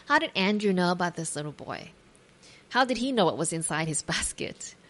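A woman with a slightly low voice tells a Bible story as a devotional talk. She reads scripture aloud and then imagines the scene in her own words, adding gentle asides to the listener. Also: lively intonation, fairly quick. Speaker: devotional speaker.

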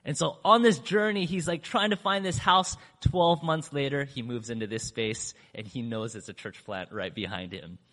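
A man speaking to a church audience, telling a story in a chatty, animated way and acting out what people said with big swings in his voice. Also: moderate pace, few pauses. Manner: acts out quoted speech with big pitch swings; chatty, with fillers and restarts. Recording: long hall reverb.

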